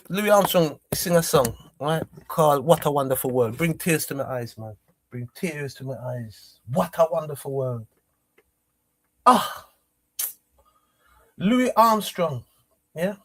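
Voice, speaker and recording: High-voiced man, rambling. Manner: rambling, repetitive, emotional. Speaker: streamer. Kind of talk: casual rambling monologue.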